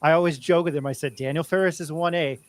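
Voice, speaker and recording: A sports talk host with a slightly raised pitch rambles in a friendly way, circling back and restarting his sentences. His voice is close and dry, with no room sound. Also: steady tone, fast, dry recording. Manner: rambling, chummy, restarts often. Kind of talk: casual interview chat.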